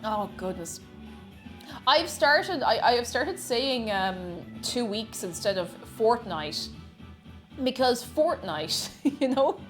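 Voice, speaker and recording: Lady streamer, high-ish voice, all over the place pitch-wise, chatting to chat while baking. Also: big pitch swings, takes it slowly, music in the background. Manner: chatty, greets chat by name, frequent laughter. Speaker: variety streamer.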